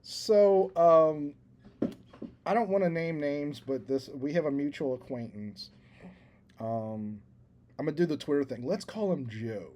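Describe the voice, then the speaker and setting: Mellow-voiced man telling a rambling story. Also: fairly high pitch, a little slow. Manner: rambling storyteller, self-deprecating, laughs at himself. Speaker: podcast co-host. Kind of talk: casual chat.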